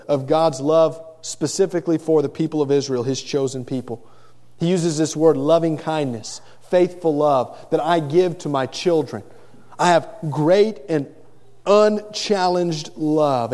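In a large hall with long reverb, a middle-aged male pastor delivers an earnest sermon. His voice is warm and on the high side, and he frequently says the opening word of a phrase twice before going on.

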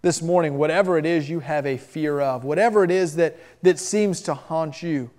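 A man preaching a sermon, emphatic, moving between loud stressed phrases and soft drops. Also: a little high, normal speed. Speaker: pastor.

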